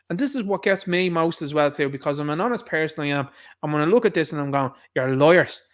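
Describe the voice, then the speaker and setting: A man hosting an online commentary show, ranting indignantly at the viewer in a repetitive way. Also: a little high.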